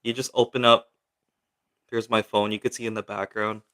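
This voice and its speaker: A man's voice: lowish voice, level tone, moderate pace, bright, forceful tone. Chatty young man answering his livestream chat. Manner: chatty and rambling, many fillers, reads chat questions aloud. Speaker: livestream host. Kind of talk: casual livestream chat, answering viewer comments.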